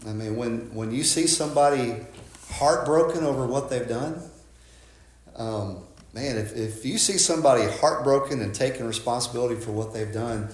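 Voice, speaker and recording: Folksy pastor preaching in an echoey church. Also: male voice, medium pitch, moderate pace. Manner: conversational, folksy preaching with frequent "right?" and restarts. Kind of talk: sermon.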